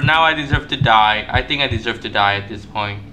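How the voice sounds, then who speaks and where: A man's voice: brisk, hardly any pauses, over music. Panicky gamer man shrieking and self-mocking. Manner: panicky, self-mocking, repeats words in bursts; shrieks high when caught. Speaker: gaming YouTuber. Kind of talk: gameplay commentary.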